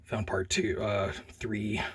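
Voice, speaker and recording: A man's voice: on the low side, little pitch movement, slow pace, a little hiss or hum. A young man casually reviewing a comic, rambling in a laid-back way with lots of "like" and "man".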